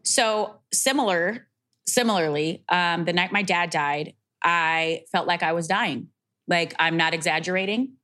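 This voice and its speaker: Young woman podcast host telling a story, emotional and animated, voice on the low side. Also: a little slow. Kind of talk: casual podcast conversation.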